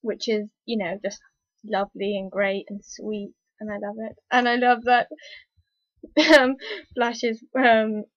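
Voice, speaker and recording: A woman talking casually in a review vlog, rambling and hesitant with lots of fillers, an excitable fan. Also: a little high, unhurried, dry recording. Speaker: TV episode reviewer. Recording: dull lo-fi, dry recording.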